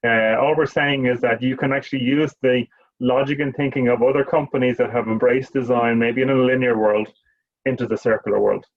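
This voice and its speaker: A man's voice: mid-range voice, steady tone, brisk. A man answering as a panelist, rambling with many fillers and repeated words. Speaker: trainer, panelist. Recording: dull, muffled audio.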